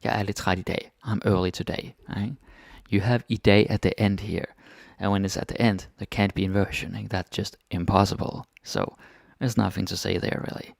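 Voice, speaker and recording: Casting: male language tutor, low gravelly voice, laid-back and chatty, dry close sound. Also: fairly quick, no echo. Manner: relaxed, chatty, keeps asking "right?". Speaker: Danish language teacher. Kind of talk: casual grammar lesson.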